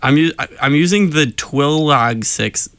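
A man's voice: fairly high pitch, unhurried, fairly bright tone, dry recording. A young man co-hosting a casual podcast, trading dry, wry banter. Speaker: podcast co-host. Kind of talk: casual chat.

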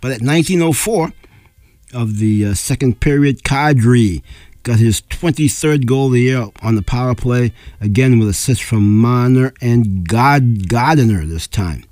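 A man's voice: mid-range voice, a little mellow, dry recording. Man reading scores, voice going. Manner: plain, unhurried score reading with fillers and throat clearing. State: losing his voice. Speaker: local radio sports announcer. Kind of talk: reading sports scores on air. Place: radio studio.

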